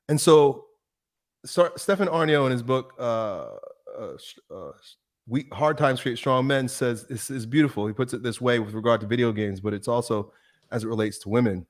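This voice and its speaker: Guest, man, middle pitch; earnest, preachy, leans hard into his big points. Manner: emphatic, preachy, builds up to strong statements. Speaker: guest, fitness YouTuber. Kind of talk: earnest interview conversation.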